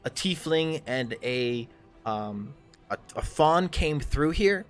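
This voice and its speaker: A man's voice: on the high side, expressive, slow pace, faint music behind, pitched above the performer's own voice. A man voicing his own adventurer character, a bold male hero who confronts a villain. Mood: questioning. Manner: demanding, confrontational.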